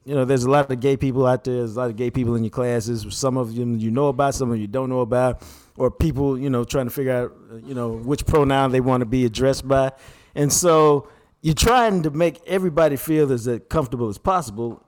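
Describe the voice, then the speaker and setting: A man's voice: medium pitch, a little fast, a little mellow. A man co-hosting a podcast, talking earnestly in casual chat and repeating himself as he explains. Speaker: podcast co-host.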